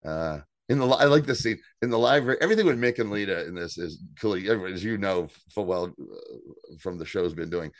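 A man co-hosts a podcast and recaps an episode in casual, animated chat, swearing freely and jumping up in pitch to act out quotes. His voice sits on the low side and is recorded close and dry, with no room sound. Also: fairly quick, no echo. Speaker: podcast co-host.

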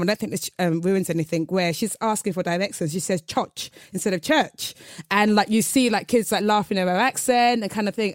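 Fast-talking woman telling lively stories. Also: mid-range voice, dry recording, studio quality. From Nigeria and London. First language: Yoruba. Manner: lively storyteller, laughing often. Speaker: interviewer. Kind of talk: casual interview chat.

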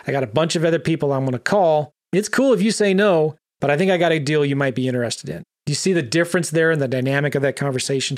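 A man teaching land investing, talking emphatically and directly to the viewer. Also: fairly high pitch. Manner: emphatic, animated, talks straight to the viewer. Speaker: real estate investor teaching. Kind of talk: energetic coaching talk.

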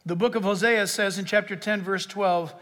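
A man's voice: high voice, fairly even intonation, normal speed, a bit bright. A man preaching a sermon from a stage, fervent and emphatic, repeating phrases for stress. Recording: long reverb of a big hall.

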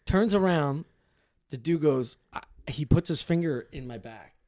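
A man's voice: fairly high pitch, expressive, measured pace, a little mellow, no room sound, studio quality. A man in his thirties telling profane, rambling stories on a podcast, often restarting his sentences. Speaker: podcast guest storyteller. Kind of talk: casual podcast chat.

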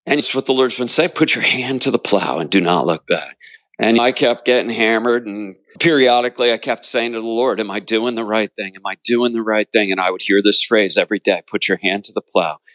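Low-voiced earnest pastor telling a story. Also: male voice, brisk, fairly bright tone, no room sound. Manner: earnest preaching cadence, repeats phrases for emphasis. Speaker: pastor and author. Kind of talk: storytelling interview answer.

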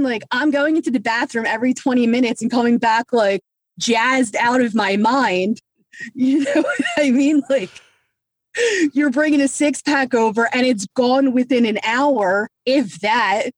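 A woman's voice: fairly high pitch, dry recording. A woman, casually and frankly telling her own story, swearing and acting out what people said. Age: 30s. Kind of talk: candid personal storytelling.

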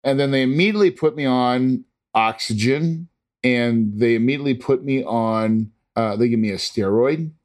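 A man's voice: mid-range voice, moderate pace. Man, casual first-person storyteller, earnest and rambling, lots of restarts. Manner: imitates monitor beeps.

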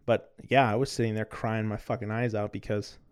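A candid man telling his own story on a podcast, swearing freely and stumbling over repeated words. His voice is low and smooth, with a narrow, flat melody. He records on cameras. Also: brisk. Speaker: podcast host. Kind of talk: casual personal storytelling. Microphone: recording on two cameras.

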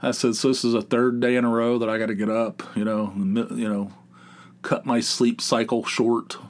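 A man's voice: medium pitch, flat delivery, normal speed. A man hosting a podcast, telling a rambling, profane, sarcastic story in a casual monologue. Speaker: podcast host.

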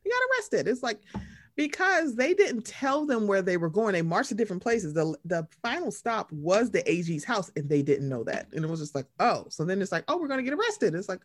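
A woman's voice: moderate pace, dry recording. A woman co-hosting a casual chat, telling stories and acting out what people said with big swings in her voice. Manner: animated, acts out quotes with big pitch jumps and laughs. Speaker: podcast co-host.

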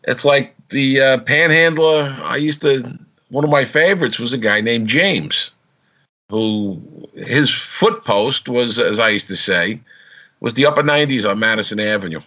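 A man's voice: mid-range voice, measured pace. A man telling police stories in a casual chat, acting out the voices of the people he describes. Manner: animated storyteller, acts out quotes.

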